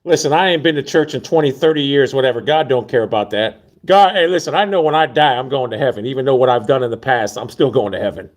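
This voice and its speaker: A middle-aged man rambles through a casual monologue in a blunt, cursing way, his voice set at an ordinary middle pitch. He keeps slipping down into low, quiet muttering between his louder remarks. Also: quick pace, few pauses. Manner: blunt, profane, rambling, often drops to a mutter. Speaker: vlogger.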